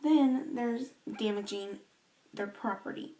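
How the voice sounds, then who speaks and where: A young woman talking earnestly to her camera in a vlog, slow and emotional, halting with sighs and restarts. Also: on the high side, warm tone, rough recording. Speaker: vlogger.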